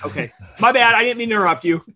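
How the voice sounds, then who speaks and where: A man's voice: sits high, lively intonation, racing, pushed and bright. A man who is a pastor, co-hosting a casual podcast and cutting in with playful teasing.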